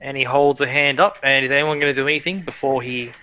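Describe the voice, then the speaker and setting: Man, game master, tabletop narration, bright tone, casual fillers. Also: medium pitch, steady tone, fast talker.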